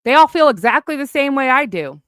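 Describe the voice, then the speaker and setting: A woman's voice: high-pitched, very animated, fairly quick, a bit bright, dry recording. Profane, heated woman ranting, dry sound. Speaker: streamer addressing online critics. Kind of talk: angry livestream rant.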